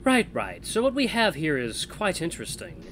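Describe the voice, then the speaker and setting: Guy playing a grumpy scientist, short and dismissive, crisp bright tone. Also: on the high side, huge pitch swings, moderate pace, slight background noise, pitched above the performer's own voice. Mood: analytical. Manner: curt and dismissive. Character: grumpy, impatient male scientist.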